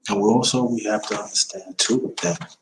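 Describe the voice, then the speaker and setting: A man's voice: on the low side, steady tone, normal speed, husky, low-quality recording. A man in his fifties hosting a livestream, giving an emphatic, repetitive motivational talk. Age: 50s. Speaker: livestream host.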